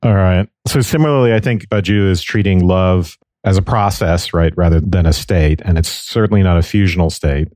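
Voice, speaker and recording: Deep, mellow male voice, dry close mic. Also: normal speed, few pauses, no echo. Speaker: podcast co-host. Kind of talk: casual philosophy discussion.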